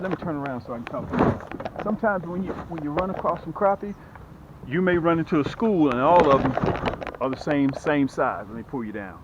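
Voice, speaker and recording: An excited man hosts a fishing vlog from a small boat, chatting straight to his viewers. His voice swings animatedly up and down and sits a bit high. The outdoor recording is dull and lo-fi, with a faint wash of noise behind him. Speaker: fishing channel host. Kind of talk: casual fishing vlog commentary.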